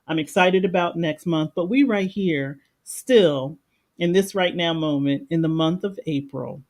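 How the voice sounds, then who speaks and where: A woman's voice: lowish voice, unhurried, a little mellow. A woman life coach on a livestream, talking in an earnest, reflective and emotional way. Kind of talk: livestream meditation talk. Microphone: livestream microphone.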